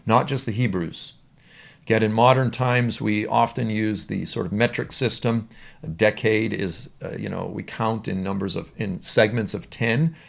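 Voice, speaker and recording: A man's voice: fairly low pitch, vocal fry, fairly bright tone. A man teaching the Bible in a conversational, storytelling way.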